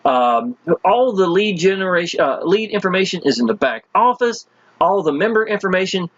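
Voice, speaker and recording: Husky, animated man pitching. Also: moderate pace, no echo, highs cut off. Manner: folksy and enthusiastic, constantly addressing listeners as "y'all". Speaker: online marketing promoter. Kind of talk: casual sales pitch walking through web pages.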